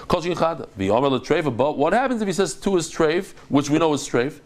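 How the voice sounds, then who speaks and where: A man teaching a daily Talmud class as a rabbi, explaining in an animated, dramatic way with quick restarts. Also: a little high. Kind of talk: lively Talmud lecture to a live group.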